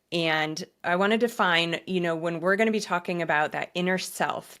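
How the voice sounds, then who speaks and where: A woman's voice: lowish voice, a bit bright. A woman hosting a podcast, talking in an earnest, encouraging way and sometimes acting out inner thoughts. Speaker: podcast host. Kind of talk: casual podcast conversation.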